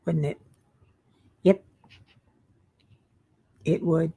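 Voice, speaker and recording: A woman's voice: sits low, steady tone, very slow, vocal fry, mellow, breathy edge. A tired woman hosting a casual crafting livestream, chatting and reading viewer comments aloud as she works. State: tired, yawning. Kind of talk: casual live chat with viewers.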